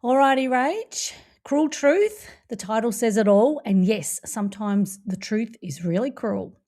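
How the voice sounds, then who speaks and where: Mellow-voiced playful woman host. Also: fairly high pitch, lively intonation, measured pace. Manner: playful, jokey, warmly encouraging. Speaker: podcast host. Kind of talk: casual podcast chat.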